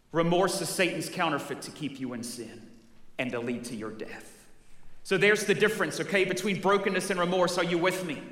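A man's voice: on the high side, a bit bright. A man pastor preaching a sermon, talking directly to the congregation with questions and vivid stories. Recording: echoey hall with long reverb.

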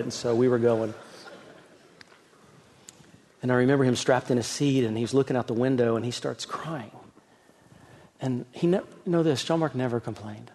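Husky man preaching a sermon. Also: medium pitch. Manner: swings from loud emphatic preaching to soft hushed storytelling. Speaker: pastor. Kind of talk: sermon with personal story.

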